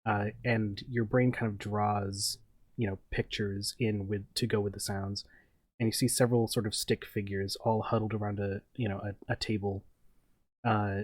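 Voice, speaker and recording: A man's voice: on the low side, level tone, moderate pace, no echo. Man narrating as game master, loose and rambling. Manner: loose, filler-heavy narration.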